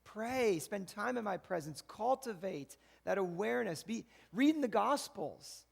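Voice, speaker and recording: A man's voice: high voice, lively intonation, unhurried, gravelly. A man giving a sermon as pastor, talking in a casual, conversational way and often checking in with the congregation. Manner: conversational preaching with frequent "right?" asides. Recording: echoey church hall.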